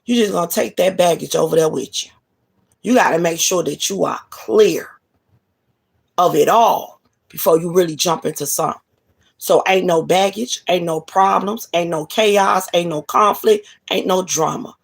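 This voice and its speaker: A woman's voice: fairly low pitch, moderate pace, vocal fry, husky. A woman delivering a blunt, profane monologue of relationship advice in a casual, preachy way. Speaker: spiritual reader.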